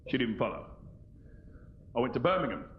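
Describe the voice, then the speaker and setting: A man in his thirties doing live stand-up comedy, animated and cheeky, acting out little voices. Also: medium pitch, fairly quick, a little hiss or hum. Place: large theatre stage. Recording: roomy lo-fi VHS stage recording.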